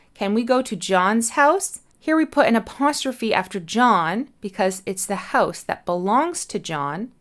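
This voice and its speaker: A woman teaching an English punctuation lesson, explaining each answer clearly and patiently and spelling letters out slowly. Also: medium pitch, fairly bright tone.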